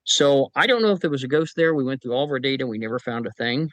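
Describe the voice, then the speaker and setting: A man's voice: mid-range voice, quick pace, dry recording, rough recording. Guy telling ghost-hunt stories on a podcast, laid back and wry, dry close mic. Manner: relaxed storyteller with wry humor. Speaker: paranormal investigator. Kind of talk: guest telling anecdotes on a podcast. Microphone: podcast microphone.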